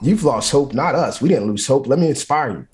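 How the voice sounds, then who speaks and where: A man's voice: medium pitch, animated, fairly quick, a little mellow. A man, a firefighter guest in an interview, giving motivational talk in short, repeated, punchy phrases.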